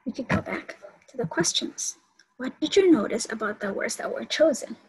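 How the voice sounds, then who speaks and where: A woman's voice: on the high side, expressive, normal speed, darkish tone, a little hiss or hum, low-quality recording. A woman college instructor giving an online lecture and explaining teaching steps to her students.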